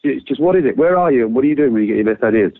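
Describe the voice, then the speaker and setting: A man who trains people in creativity leads a quick exercise with lively swings in pitch and the odd casual curse. His voice comes through a narrow, phone-like channel. The sound is very dry, with no room around it. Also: dry recording. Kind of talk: animated explaining with quick exercises.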